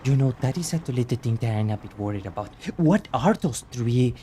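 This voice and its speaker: A man's voice: mid-range voice, animated, a little fast, mellow, a little hiss or hum. A man chatting casually as he streams a game, joking around and apologizing often. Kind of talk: casual gameplay commentary.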